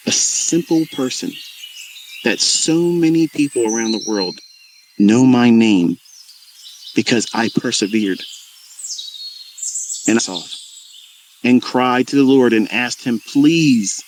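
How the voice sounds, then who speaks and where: A man's voice: medium pitch, slow, pauses often, a little hiss or hum. A middle-aged man who teaches trading, speaking to his viewers in a fervent, preachy monologue with emphatic repetition. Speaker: trading educator.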